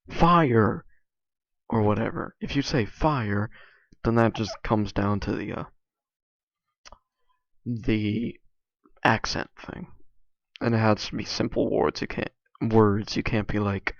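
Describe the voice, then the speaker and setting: Young man, low gravelly voice, rambling casual talk, lots of fillers, dull dry lo-fi recording. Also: dry recording. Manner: halting, filler-heavy, many restarts and likes. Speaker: video creator. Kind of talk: casual rambling commentary over gameplay.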